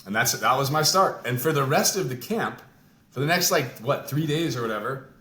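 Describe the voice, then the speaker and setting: Bright-voiced storytelling man, roomy sound. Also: medium pitch, brisk. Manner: animated storyteller, lively acting out of others. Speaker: guest. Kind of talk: casual chat.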